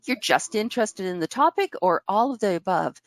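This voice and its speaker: A woman's voice: mid-range voice, expressive, brisk, dry recording. A woman hosting a webinar, reading a guest's bio and welcoming her in an upbeat way over a video call. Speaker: webinar host. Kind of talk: webinar introduction.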